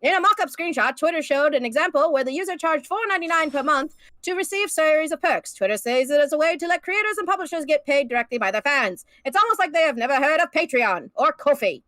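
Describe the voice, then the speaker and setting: A woman putting on a brisk 1920s newsreel announcer voice to read out the news. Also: high voice, animated, fairly bright tone, no room sound. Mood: mock-grave. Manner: old-time announcer cadence. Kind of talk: mock news reading.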